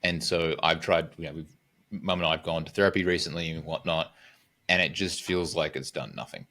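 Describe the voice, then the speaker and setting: A man hosting an interview, asking a personal question in a halting way with many fillers. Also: low voice, steady tone, pushed and bright. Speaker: podcast host. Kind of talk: conversational interview.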